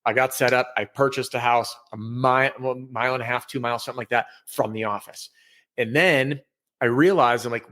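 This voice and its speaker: A man's voice: medium pitch, fairly even intonation, quick pace, a bit bright. Candid man telling his story. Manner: candid, self-deprecating. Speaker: podcast guest.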